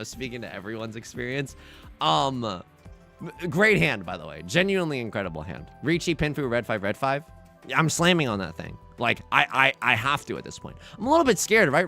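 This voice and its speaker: A man's voice: mid-range voice, vocal fry, pushed and bright. A young man whose first language was Mandarin, rambling in self-deprecating, casual chat with viewers while he plays a game on a livestream. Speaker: livestreamer playing online mahjong.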